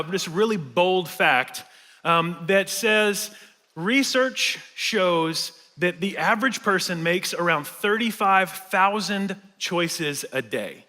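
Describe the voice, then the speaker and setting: A man's voice: sits high, pushed and bright. A man preaching a casual, conversational sermon with fillers and light humor. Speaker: pastor. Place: large church hall. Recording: reverberant church sanctuary.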